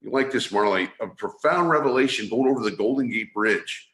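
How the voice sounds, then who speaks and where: A man's voice: mid-range voice, animated, a little fast, fairly bright tone. Earnest guy from san francisco explaining stuff over a video call, roomy echoey sound. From San Francisco, USA. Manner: earnest, restarts phrases often. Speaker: guest, energy awareness trainer. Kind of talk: explanatory interview talk.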